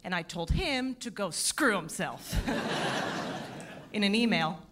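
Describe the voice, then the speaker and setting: A woman in her thirties doing a stand-up set in a theatre, self-deprecating with deadpan punchlines. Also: mid-range voice, slow. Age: 30s. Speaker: stand-up comedian. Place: theatre stage at a comedy festival.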